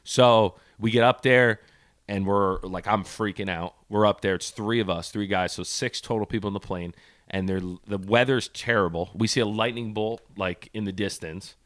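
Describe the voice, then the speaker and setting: A man's voice: on the low side, moderate pace, no room sound. A man co-hosting a podcast, telling a story in casual chat and acting out the people in it, on a studio mic. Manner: animated, acts out the people in his stories. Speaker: podcast co-host.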